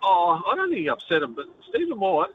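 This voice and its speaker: A man with a New Zealand accent calls in to a sports talkback radio show, chatting fast with easy laughs in a high voice whose pitch swoops wildly. The phone audio sounds dull, with faint noise.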